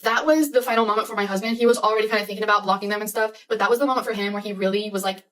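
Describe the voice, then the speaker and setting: Young woman, storytime vlog, very rapid talk, slightly distant mic. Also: medium pitch, steady tone, fairly bright tone. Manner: fast, anxious retelling with many "like"s.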